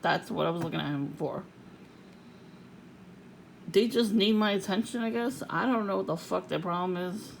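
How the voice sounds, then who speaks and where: A woman ranting angrily to camera, swearing constantly and jumping to shouts and mocking sing-song. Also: on the low side, normal speed, gravelly, pauses often, slight background noise, poor audio. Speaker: vlogger. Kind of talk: angry profane rant to camera.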